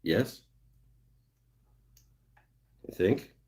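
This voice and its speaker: A man hosting a casual live stream from his home workshop, reading out viewer comments and muttering to himself as he works. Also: very slow. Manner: relaxed, thinking aloud, muttering while working. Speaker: woodturning livestream host.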